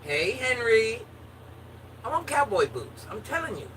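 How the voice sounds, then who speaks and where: A woman's voice: fairly high pitch, big pitch swings, a little slow, fairly bright tone. A woman chatting casually with her viewers in a playful, joking manner. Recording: distant mic with faint background noise.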